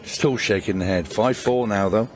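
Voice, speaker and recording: Former player as male pool co-commentator, low voice, laid-back, hum in the booth. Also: moderate pace, a little mellow. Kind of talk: live sports commentary.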